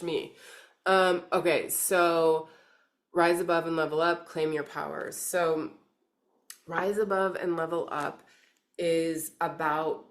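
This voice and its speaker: Gushing woman with a lowish voice. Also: slow pace. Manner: gushing and rambling, heavy use of "like" and "freaking"; emphatic, urging the listener. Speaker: intuitive card reader. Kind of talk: casual spiritual reading to camera.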